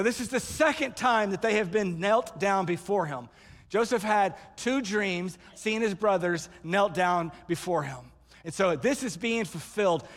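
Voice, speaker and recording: A man preaches with a high voice and an animated storytelling manner, acting out the voices in the story. His sermon rings with the long reverb of a large hall. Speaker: pastor.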